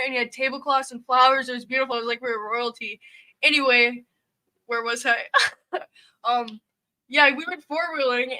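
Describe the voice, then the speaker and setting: A young woman co-hosts a casual livestream, her high voice carrying the story. She talks in an emotional, rambling way, full of little asides. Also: pushed and bright. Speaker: co-host.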